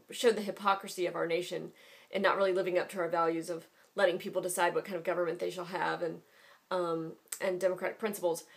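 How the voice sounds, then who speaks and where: A woman's voice: on the low side, a bit bright. Chatty American woman teaching history. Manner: conversational with frequent ums. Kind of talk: recorded classroom lecture.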